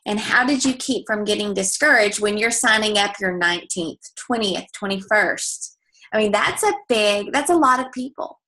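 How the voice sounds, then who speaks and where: A woman's voice: mid-range voice, moderate pace, bright, forceful tone, low-quality recording. A woman hosting a team call, enthusiastically asking her guest questions. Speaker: call host.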